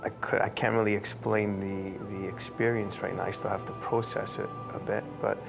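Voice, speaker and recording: A man from the audience reflecting after a reading, halting and searching for words. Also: on the low side, little pitch movement, gravelly, over music. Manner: halting, hesitant, restarts. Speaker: audience member receiving a reading. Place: studio with live audience.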